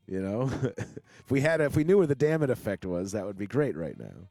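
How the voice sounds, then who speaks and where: A man's voice: fairly low pitch, sing-song, fairly quick, mellow, no room sound, studio quality, soft background music. Rambling man hosting a casual chat. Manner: rambling, many fillers and restarts. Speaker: podcast host.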